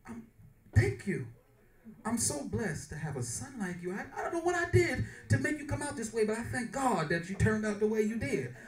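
A male comedian on stage voicing his scolding, profane middle-aged mother, with a lower, heavier delivery than his own voice. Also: a little fast, natural voice. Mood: tender. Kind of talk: stand-up impression. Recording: echoey club, mic far, audience loud.

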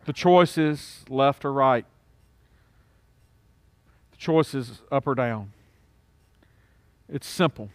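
A man preaching a sermon, moving from hushed and solemn to loud, urgent pleading. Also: medium pitch, animated, takes it slowly, pauses often, no echo. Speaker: pastor.

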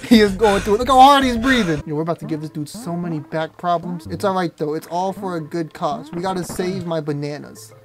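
A young man in his twenties giving crude, joking, excitable let's-play commentary. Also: high voice, fairly quick, hardly any pauses. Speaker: gaming YouTuber. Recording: game music behind.

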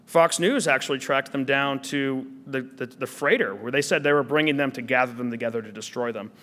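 A man's voice: mid-range voice, brisk, fairly bright tone. A man answering audience questions at a seminar, combative and sardonic. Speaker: speaker at a seminar. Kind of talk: lecture Q&A answer. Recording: long hall reverb.

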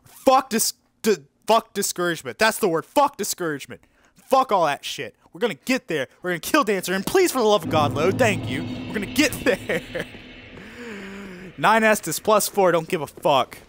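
A man's voice: sits high, sing-song, moderate pace. Swearing, frustrated young gamer man. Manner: frustrated, swearing, swinging to shouts. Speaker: streamer. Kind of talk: gameplay commentary.

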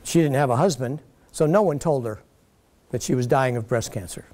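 A man giving a public lecture, telling stories in an animated way and mocking the critics he quotes. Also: medium pitch, a little fast. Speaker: guest lecturer. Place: lecture hall.

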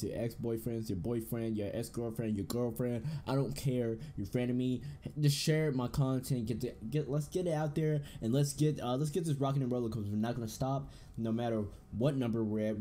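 A young man giving casual, excitable commentary over a horror game, with loud outbursts and a relaxed chat to his viewers. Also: mid-range voice. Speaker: gaming YouTuber.

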